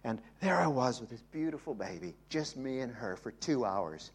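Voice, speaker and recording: An older Englishman delivers a sermon at a middle pitch. He drops into soft, almost whispered asides, then climbs to loud, fervent declarations. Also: normal speed, breathy edge. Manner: animated preaching, swinging from quiet asides to loud emphatic peaks. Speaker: pastor.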